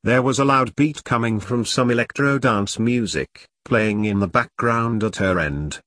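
A man narrating a first-person story as an audiobook reader, telling it in an expressive, storytelling way. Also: mid-range voice, a little slow, dry recording, studio quality.

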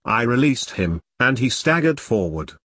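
A man reads a long detective story in a husky, breathy voice with a lively rise and fall. The sound is close and dry, with no room around it. He reads the punctuation aloud as words. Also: mid-range voice, normal speed, no echo. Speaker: reader. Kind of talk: machine-read story narration.

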